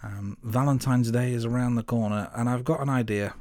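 A young man from the Midlands co-hosting a film podcast, measured and wry in casual chat. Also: mid-range voice, fairly even intonation, a little mellow, no echo, studio quality. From English Midlands. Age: young adult. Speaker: podcast co-host.

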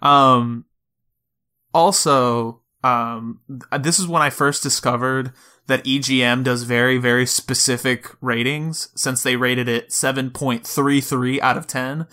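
A man co-hosting a podcast in casual chat, talking loosely with fillers and quick laughs. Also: mid-range voice, fairly even intonation, sharp tone. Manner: chatty, laughs easily, lots of fillers. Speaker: podcast co-host.

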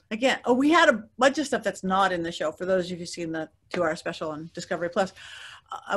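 A middle-aged woman, a guest psychic, telling stories in an interview in a lively way, laughing often and acting out the voices of others. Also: medium pitch. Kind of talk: animated storytelling interview.

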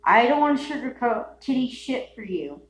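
A woman hosting a solo podcast, ranting in a rambling, profane way, dropping to mutters and then bursting into shouts. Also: fairly high pitch, very animated, moderate pace. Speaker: podcast host. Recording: echoey room with faint hum.

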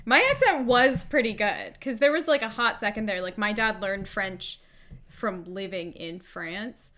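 A woman's voice: medium pitch, measured pace, pushed and bright, slight background noise. A woman in casual conversation, reacting with blunt, wry remarks and casual swearing. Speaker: podcast co-host. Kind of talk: casual chat.

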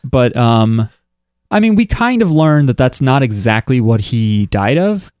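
A man's voice: mid-range voice, a little slow, no room sound. Jokey man podcasting, dry close mic. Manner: animated, jokey, acts out voices in quotes. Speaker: podcast co-host. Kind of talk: casual chat.

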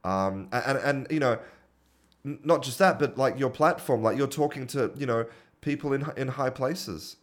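A man hosting an interview, enthusiastic but halting, with many restarts. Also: mid-range voice. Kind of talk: conversational interview.

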